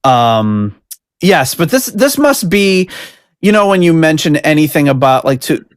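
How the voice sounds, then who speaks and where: A man's voice: fairly high pitch, big pitch swings, normal speed, clean tone, no echo, studio quality. A man from the United States hosting a podcast, giving casual, chatty reaction commentary and laughing often. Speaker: podcast host.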